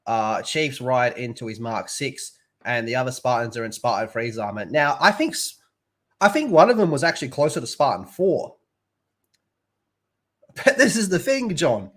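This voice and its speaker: A man's voice: medium pitch, sing-song, normal speed, fairly bright tone. A young man with an Australian accent, chatting crudely and swearing a lot on a live stream, laughing often. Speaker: streamer reviewing a TV show. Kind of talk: casual live-stream chat.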